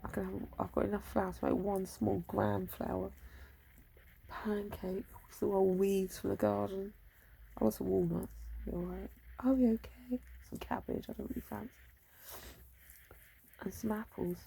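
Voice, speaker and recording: A woman's voice: medium pitch, fairly even intonation, moderate pace, gravelly, dark tone, slight background noise. A woman rambling casually to herself in a vlog, muttering and trailing off. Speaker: vlogger.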